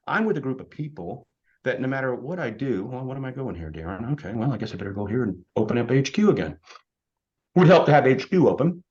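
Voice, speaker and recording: A man in his fifties giving an energetic motivational business presentation as a sales trainer, firing off rhetorical questions. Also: medium pitch, quick pace, highs cut off. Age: 50s.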